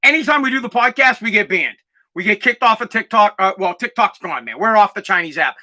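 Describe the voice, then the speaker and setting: High, sharp-voiced angry man in his forties. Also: lively intonation, brisk. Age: 40s. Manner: aggravated, profane, bursts into shouting. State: dusty throat, clearing it and coughing. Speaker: podcast host. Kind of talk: angry ranting monologue.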